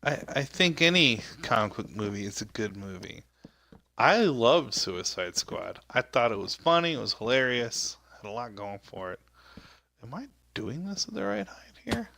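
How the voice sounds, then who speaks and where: Male host, casual gameplay commentary; bright, animated delivery, rambling and exclamatory. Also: mid-range voice, normal speed, gravelly. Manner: rambling, exclamatory, talks to himself. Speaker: show host.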